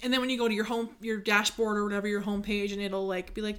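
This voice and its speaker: Bright, bubbly young woman podcaster. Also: medium pitch, flat delivery, fast talker, few pauses. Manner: bubbly, chatty, laughs often. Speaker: podcast co-host. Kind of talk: casual chat.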